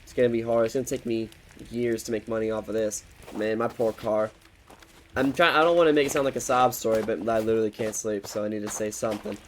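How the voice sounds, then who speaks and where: A man's voice: fairly low pitch, fairly even intonation, quick pace, slight background noise. A young man in his twenties telling a frustrated, swearing story in a loose, casual rant while he plays a game. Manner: frustrated, swears often, talks loosely with restarts.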